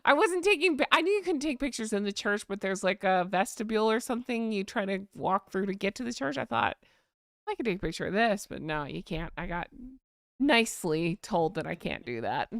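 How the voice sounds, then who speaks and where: A woman's voice: mid-range voice, animated, brisk, gravelly, dry recording, clean studio sound. An American woman hosting a casual live chat stream, chatting and reading out viewer comments. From United States. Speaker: livestream host.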